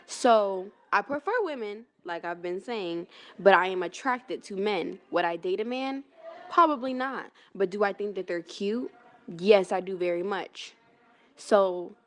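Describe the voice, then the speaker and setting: A woman putting on a sassy young woman snapping back in an argument, petty and insistent. She piles on repeated words for emphasis at a mid-range pitch. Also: natural voice.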